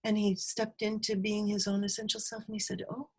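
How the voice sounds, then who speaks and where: A woman guest on a podcast, speaking softly and reflectively, often slipping into a breathy whisper as she retells a session. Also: mid-range voice, little pitch movement, fast talker. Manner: soft, reflective, retells sessions with quoted dialogue. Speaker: guest healer. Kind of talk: podcast interview, storytelling.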